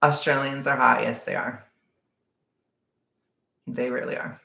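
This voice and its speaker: A woman's voice: rumbling low, fairly even intonation, measured pace, vocal fry, bright, forceful tone, echoey room. A woman from Southern California with a Californian accent, rambling in casual livestream chat with viewers, full of "like" and laughs. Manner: rambling, heavy use of "like", frequent laughs. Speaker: vlogger answering viewer chat.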